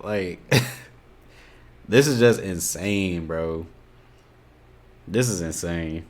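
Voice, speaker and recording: A young man with an Indiana accent reacting to videos with casual, animated and exasperated commentary, often saying "you know what I'm saying". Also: low-pitched, drawn-out words.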